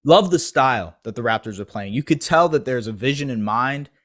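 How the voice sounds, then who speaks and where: Male sports host, solo recap, casual and analytical, average pitch. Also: expressive. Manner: fast-talking, analytical, loose and casual. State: eating pizza while talking. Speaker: basketball podcast host. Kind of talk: solo game recap commentary.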